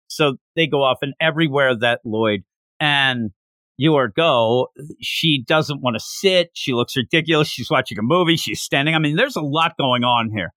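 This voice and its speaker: A man hosting a podcast, recapping a manga chapter in a casual, animated way and acting out the characters' lines. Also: mid-range voice, dry recording, studio quality. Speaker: podcast host.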